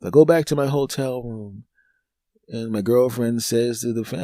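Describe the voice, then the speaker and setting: On his podcast, a male comedian with a mid-range voice tells a long personal story at normal speed, his pitch leaping way up whenever he mimics the people in it. The recording is close and dry, with no room sound.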